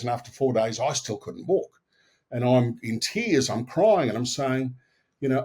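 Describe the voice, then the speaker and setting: A man's voice: mid-range voice, moderate pace, slightly rough. An Australian man in his sixties, a podcast guest telling personal stories frankly and animatedly, acting out the people he quotes. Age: 60s. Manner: animated storyteller who acts out quoted dialogue; frank and earthy, with mild swearing. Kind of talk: personal storytelling in an interview.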